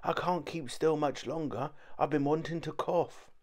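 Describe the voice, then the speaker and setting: A man voicing a terrified man lying frozen in bed, in a whispered role-play with a hoarse, straining half whisper and slow, separate words. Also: on the high side, pitched above the performer's own voice, lightly acted. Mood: tense whisper. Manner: slow, each word spoken separately.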